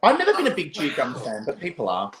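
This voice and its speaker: A radio show host chatting casually, giving blunt quick reactions and opinions. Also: mid-range voice, wildly swooping pitch, a loud crowd. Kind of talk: casual chat. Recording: echoey room with faint background noise.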